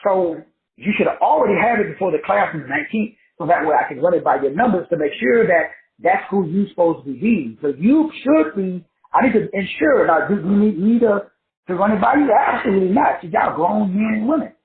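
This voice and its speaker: A high-voiced man lectures his class in a preachy, repetitive, colloquial way. The sound is tinny and narrow, as if over a phone line. It rings in an echoey room. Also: expressive, fairly quick. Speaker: online teacher and host. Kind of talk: motivational lecture.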